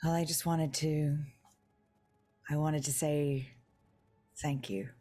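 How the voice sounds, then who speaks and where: A woman voicing a halting, awkward young man. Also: deep voice, steady tone, warm tone, soft background music. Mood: grateful. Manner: halting, full of ums and restarts.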